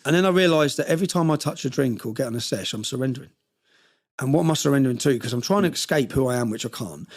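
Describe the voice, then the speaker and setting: A man's voice: mid-range voice, animated, fast talker. A man telling personal stories in an interview, passionate and rambling with frequent restarts. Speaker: interview guest. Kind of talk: emotional personal storytelling.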